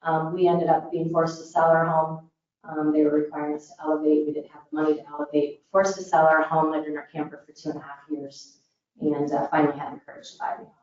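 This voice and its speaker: A woman's voice: deep voice, level tone, fast talker, darkish tone. Earnest Indiana woman in an echoey hall. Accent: Northern US (Indiana). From Northern Indiana, US. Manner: earnest, many "um" fillers. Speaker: disaster recovery organization presenter. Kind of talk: public forum presentation. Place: large meeting room. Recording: echoey hall, distant, dull mic.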